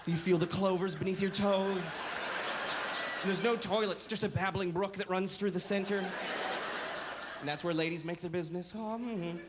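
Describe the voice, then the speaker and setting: High-voiced man doing stand-up. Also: moderate pace. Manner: energetic, exaggerated, self-deprecating. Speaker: stand-up comedian. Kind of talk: stand-up comedy set. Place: comedy club stage. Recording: echoey live venue with background noise. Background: audience laughter.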